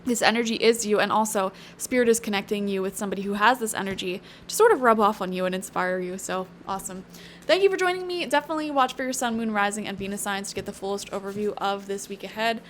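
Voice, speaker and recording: A woman's voice: medium pitch, fast talker, slight background noise. A woman doing a casual tarot reading to camera, chatty and emphatic, drifting into earnest pep talks and tossing in "okay?" and "you know". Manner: tangential, earnest pep talk. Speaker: tarot reader.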